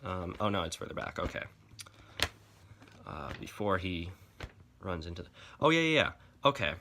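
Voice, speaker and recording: A man rants through a comic review in a casual, exasperated way, swearing freely and dripping with sarcasm. His voice sits on the low side but comes out bright and forceful. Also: sing-song, normal speed, gravelly, slight background noise.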